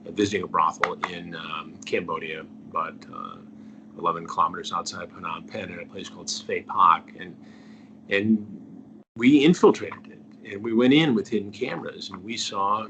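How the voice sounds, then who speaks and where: Low voiced middle aged guy telling a story in an interview, earnest, voice fades to a whisper at the ends, slight hiss behind. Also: creaky, a bit bright. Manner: earnest, trails off to a near-whisper at phrase ends. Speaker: investigative journalist, guest.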